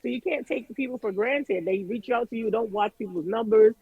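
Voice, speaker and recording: Her voice is a little high and slightly rough, and she speaks a bit fast as a Jamaican music artist guesting in a relaxed remote interview. She's candid and chatty, voicing what others told her in lively tones. The sound is echo-free yet thin and tinny.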